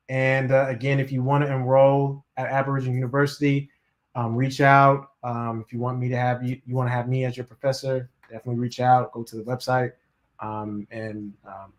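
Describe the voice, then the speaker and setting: Casual instructor man on a livestream. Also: medium pitch. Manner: informal, repeats himself, frequent fillers. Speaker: course instructor.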